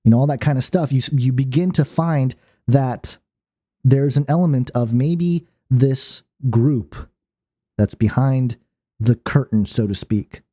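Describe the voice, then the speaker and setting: A man's voice: medium pitch, a little slow, dark tone. A man hosting his own channel, talking in a loose, rambling monologue full of fillers and restarts. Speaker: channel host. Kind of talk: casual monologue.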